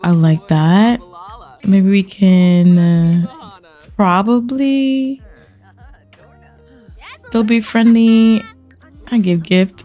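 Young woman, let's play host, animated, slangy commentary, faint background music. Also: mid-range voice, extremely slow, long pauses, muffled recording. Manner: animated, slangy, talks to viewers. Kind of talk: casual game commentary.

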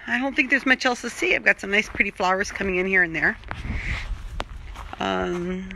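A woman's voice: medium pitch, steady tone, moderate pace, creaky, sharp tone, a little hiss or hum, poor audio. A woman chatting casually while filming a tour of her own outdoor garden on a handheld phone, rambling as she goes. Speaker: vlogger. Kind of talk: casual chat.

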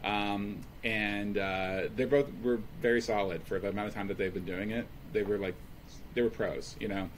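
A man with a fairly low voice chats casually on a comedy podcast, drifting through stories with lots of "uh"s and "you know"s. A faint hum sits under the recording. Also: normal speed. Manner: relaxed, rambling storytelling with many fillers. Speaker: podcast co-host; stand-up comedian. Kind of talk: casual chat.

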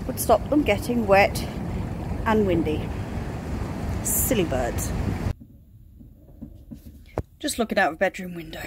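Woman vlogging on her farm, teasing the animals, voice bouncing all over, loud wind hitting the mic. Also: medium pitch, lively intonation, slow pace, long pauses. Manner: chatty, laughing, teasing the animals. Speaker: smallholder filming her animals. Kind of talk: casual vlog narration. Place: outdoors on a farm in a storm. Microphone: handheld camera. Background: strong wind noise.

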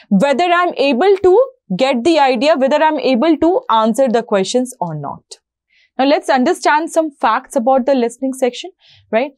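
A woman's voice: sits high, a little mellow, no echo, studio quality. A woman explaining an exam format to learners, often checking in with "right?" and "you know". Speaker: IELTS instructor.

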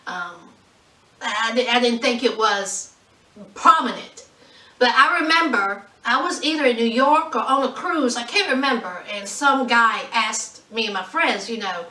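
A woman's voice: on the high side, sharp tone, echoey room, distant mic, poor audio. A woman from southwest Virginia with a thick Southwest Virginia accent, chatting to her viewers in a sassy, drawling way with lots of ums. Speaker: vlogger. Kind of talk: casual chat to camera.

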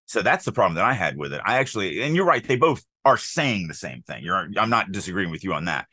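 Male podcast co-host: low, bright, animated, throws himself into quoted lines. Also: fast, husky, no echo. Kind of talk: casual editing discussion.

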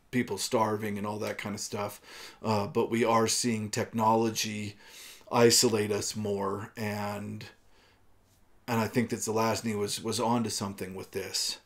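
A man giving a casual, conversational book discussion, talking loosely with frequent fillers and restarts. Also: lowish voice. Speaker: book reviewer.

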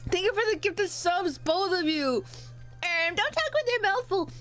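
A woman's voice: very high voice, lively intonation, moderate pace, a bit bright, faint music behind. A young woman streaming casually while she eats, joking, swearing now and then and thanking her chat. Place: home, eating on camera.

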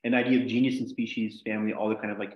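A man's voice: fairly low pitch, level tone, rapid-fire. Rambling male logic teacher, echoey room. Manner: rambling, full of "like" and restarts. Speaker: teacher leading a logic class. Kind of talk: casual classroom lecture. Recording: echoey room, dull lo-fi sound.

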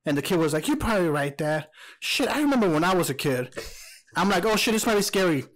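A man's voice: high voice, lively intonation, fast, fairly bright tone. A young man co-hosting a podcast, chatting casually and telling blunt, joking stories. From Mexican-American. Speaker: podcast co-host. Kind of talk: casual chat.

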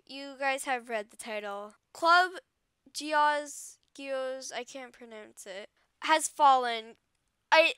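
High, bright, dramatic gaming vlogger. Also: female voice, dry recording. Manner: dramatic, excitable, swings between wailing and squealing. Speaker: game video creator. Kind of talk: gameplay commentary.

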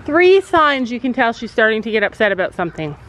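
A woman's voice: on the high side, sing-song, quick pace, fairly bright tone, slight background noise, poor audio. A woman vlogging as a mother at a horse barn, talking in a chatty, encouraging, rambling way. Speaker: vlogger mom. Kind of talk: casual family vlog at a horse barn.

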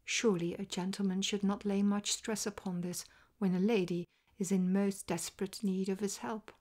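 A woman softly voicing a self-assured male detective in a half-whispered, measured way, as whispered role-play. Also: medium pitch, level tone, close to an everyday voice. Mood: calm resolve. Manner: measured and resolute.

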